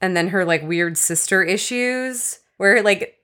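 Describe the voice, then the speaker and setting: A woman's voice: medium pitch, unhurried, sharp tone. A woman co-hosting a casual film chat, frank and wry in her opinions. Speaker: podcast co-host. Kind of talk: casual movie discussion.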